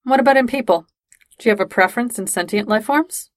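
A woman voicing a friendly, casual young man who talks in a chatty, lively way. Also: a little high, fast talker, dry recording, clean studio sound, lightly acted. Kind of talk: fan-fiction audiobook reading.

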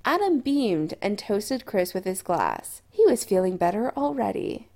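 A woman narrating a story aloud in an expressive, storytelling manner. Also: mid-range voice, measured pace. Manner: expressive storytelling with lively intonation. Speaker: audiobook narrator. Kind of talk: scripted narration.

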